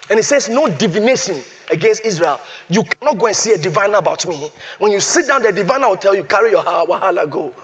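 A male preacher with a fairly high voice. He drives points home by repeating lines and quoting scripture. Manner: emphatic, repeats phrases, quotes scripture. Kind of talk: sermon.

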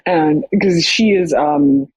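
A young adult podcast guest telling a personal story in casual, animated talk full of "like". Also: mid-range voice, slow, slightly rough, no echo, poor audio. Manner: animated, many fillers like "like".

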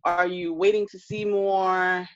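A woman co-hosting a casual podcast, telling stories in an animated, chatty way. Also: on the low side, measured pace, muffled recording, slight background noise. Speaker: podcast co-host.

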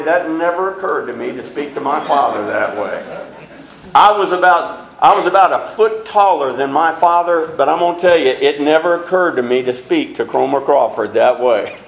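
A man preaching a sermon with a high voice. His pitch leaps upward when he stresses a point. The sound comes from a church sanctuary with an echo that rings through the room. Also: fairly bright tone. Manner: preaching with sudden rises in pitch and emphasis.

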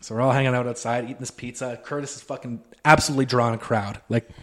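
A man's voice: medium pitch, fairly even intonation, very fast. A man co-hosting a podcast, telling a story in casual chat, acting out the quotes and swearing freely. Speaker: podcast co-host.

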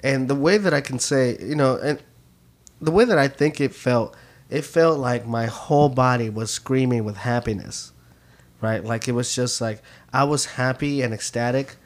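Male podcast co-host, mid pitch, rambling storyteller, lots of fillers. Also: normal speed. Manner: rambling, repeats words, many fillers. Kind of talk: casual chat, storytelling.

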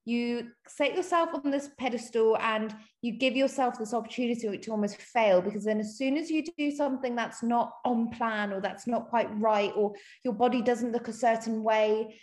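A woman's voice: a little high, fairly even intonation, moderate pace, few pauses. A woman talking in an earnest, encouraging way in a casual conversation, often repeating words as she talks. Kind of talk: casual conversation on self-compassion.

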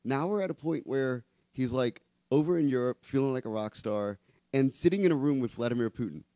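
A man's voice: medium pitch, a little fast, warm tone, no echo. A man hosting a political talk show, making emphatic points at length with many restarts. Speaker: host.

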